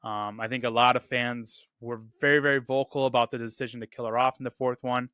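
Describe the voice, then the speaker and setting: Bright, clear-voiced male film reviewer. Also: mid-range voice, fairly even intonation, a little fast, no echo, clean studio sound. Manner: enthusiastic, repeats "really, really"; quotes lines in a loose put-on delivery. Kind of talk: casual movie review talk.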